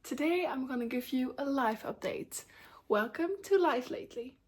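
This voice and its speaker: Candid, chatty young woman, fairly high voice. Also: animated, normal speed, slightly rough. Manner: candid, chatty, many ums and likes. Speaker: vlogger. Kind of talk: casual personal life update.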